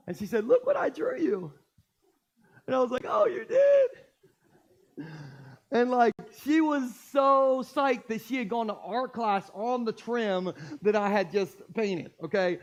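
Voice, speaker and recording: Male pastor, higher-pitched voice, animated sermon with humor, church setting. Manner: animated, jokey storytelling. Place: church stage.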